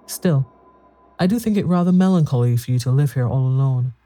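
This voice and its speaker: A man voicing a polite, brisk woman visitor who talks in a cheerful, eager way. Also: mid-range voice, mellow, faint music behind, natural voice. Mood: curious.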